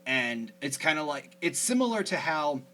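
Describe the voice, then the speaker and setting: Bright-voiced male podcast host, rambling casual chat, faint hum. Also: a little high, big pitch swings, moderate pace. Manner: chatty, rambling, many fillers.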